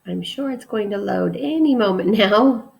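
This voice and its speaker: Woman teacher, gravelly fry-heavy voice, recorded lesson, reads examples with emphasis. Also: mid-range voice, moderate pace, a little mellow, highs cut off. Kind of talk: remote classroom lesson.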